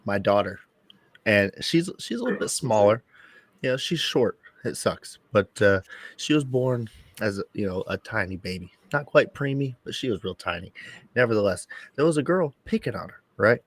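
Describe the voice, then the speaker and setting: A man's voice: lowish voice, animated, moderate pace, dry recording. A man co-hosting a casual podcast chat, telling a story bluntly and with plenty of swearing. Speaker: podcast co-host.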